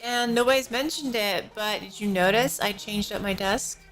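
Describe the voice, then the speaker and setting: A sleepy woman livestreams from her desk at home, yawning and rambling through casual chat while sounding a little out of it. Her voice is mid-range and fairly bright, at a normal speed. She speaks into a professional-grade desk microphone, and faint music from a neighbor drifts in.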